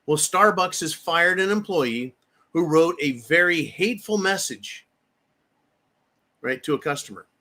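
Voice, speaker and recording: A man's voice: on the high side, expressive, measured pace, sharp tone. Fiery, profane male commentator. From United States. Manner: angry, profane ranting with repeated phrases. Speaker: political commentary host. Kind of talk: heated political commentary.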